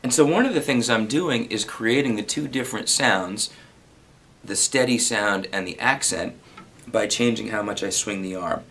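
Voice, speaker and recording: Low-voiced man teaching guitar. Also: normal speed, rough recording. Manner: counts beats aloud while strumming. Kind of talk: relaxed spoken guitar lesson with counting. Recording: loud guitar under the voice.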